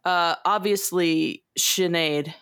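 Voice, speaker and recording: Co-host, woman, lower voice, halting speech, dry close sound. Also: steady tone, a bit bright, clear, resonant tone, dry recording. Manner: halting, searching for words. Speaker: book podcast co-host. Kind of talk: casual chat.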